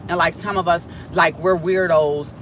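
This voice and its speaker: A woman talking casually and excitedly to her live viewers from her car, speaking into a phone on a stand. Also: on the low side, moderate pace. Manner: casual, excitable, chatty slang. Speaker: prophetic content creator. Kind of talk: live prophetic vlog chat. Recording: car road noise behind.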